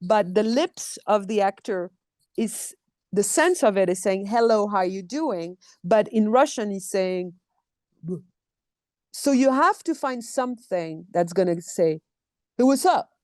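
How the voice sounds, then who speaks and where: Woman, expressive storyteller, conversational interview, dry sound. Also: mid-range voice, measured pace, no room sound. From France. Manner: animated storyteller acting out quotes, restarts often. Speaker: actor and dub producer. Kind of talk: casual interview chat.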